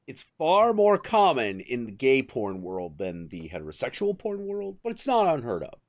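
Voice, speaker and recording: A man hosting a stream, chatting casually and telling crude, animated stories. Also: medium pitch, moderate pace, hardly any pauses, no room sound, studio quality. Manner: animated, crude storytelling with bursts of acted quotes. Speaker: stream host. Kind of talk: casual chat.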